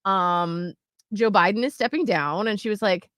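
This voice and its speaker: A woman in her thirties co-hosting a radio show, retelling a story in an animated, excitable way. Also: medium pitch, normal speed, no echo, clean studio sound. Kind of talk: casual chat.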